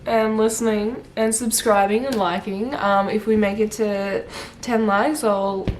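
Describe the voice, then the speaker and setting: A woman's voice: medium pitch, a little slow, a little hiss or hum. Chatty young woman vlogger. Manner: animated, swearing, chatty with frequent "like". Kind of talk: casual storytelling vlog.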